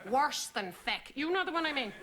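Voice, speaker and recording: A woman's voice: high voice, lively intonation, a little fast, heavy background noise. An actress playing a fussy, prim older Irish housekeeper with an Irish accent, who is gleefully scandalized as she repeats swear words. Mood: scandalized gossip. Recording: sitcom clip with loud audience laughter. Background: studio audience laughing.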